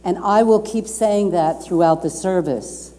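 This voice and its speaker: A woman minister delivers a Sunday sermon in a mellow, warm voice, pressing her key phrases again and again. She draws the congregation in to repeat lines with her. Her words ring out with a long reverb in a lounge room. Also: fairly low pitch, a little slow. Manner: emphatic, repeats key phrases, invites the congregation to speak along. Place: community lounge at a YMCA.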